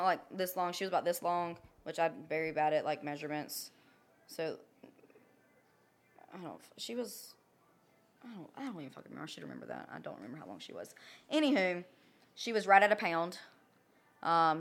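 Blunt, profane young woman telling a story. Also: lowish voice. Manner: blunt and profane, with frequent checking "okay?". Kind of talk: casual personal storytelling.

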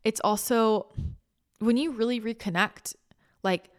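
A woman's voice: a little high, a little slow. Female host, casual rambling spiritual talk, emotional edge. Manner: chatty, rambling, with frequent restarts. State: emotional, near tears. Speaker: spiritual channel and podcast host.

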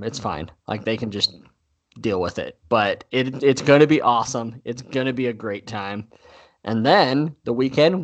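A young man co-hosting a casual sports podcast, relaxed and teasing. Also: mid-range voice. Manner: relaxed, teasing, laid-back. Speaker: podcast co-host.

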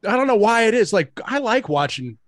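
Man, podcast host, enthusiastic, somewhat high voice, dry close sound. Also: sing-song, no room sound. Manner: enthusiastic, quick reactions. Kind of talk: casual chat.

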